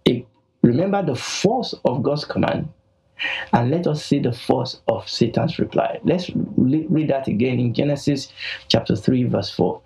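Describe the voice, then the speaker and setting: A man's voice: medium pitch, unhurried, gravelly, mellow, breathy edge, poor audio. A man teaching the Bible in a broadcast, emphatic and repeating key phrases.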